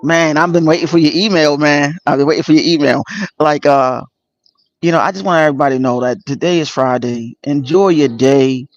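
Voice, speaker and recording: A man hosting a casual livestream, greeting viewers by name and speaking earnestly and emotionally about his spiritual path, with many pauses and fillers. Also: a little high, fairly even intonation, dry recording. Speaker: channel host. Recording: dull lo-fi dry sound.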